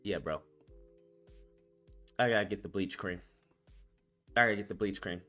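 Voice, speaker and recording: A man hosting a live stream, reacting with animated, profane talk and sudden shouted outbursts. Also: deep voice, normal speed, soft background music. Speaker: streamer host.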